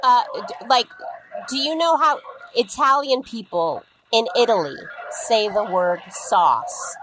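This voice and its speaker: A woman's voice: on the high side, takes it slowly, background noise. A woman guest on a comedy podcast, bubbly and stammering, politely pushing a restaurant for an answer over the phone. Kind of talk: casual chat, calling a restaurant.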